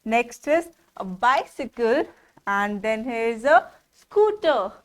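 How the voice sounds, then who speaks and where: Slow, high-voiced teacher. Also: female voice, expressive. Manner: slow, sing-song teaching with repeated words and questions. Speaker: preschool teacher. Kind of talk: classroom lesson for small children.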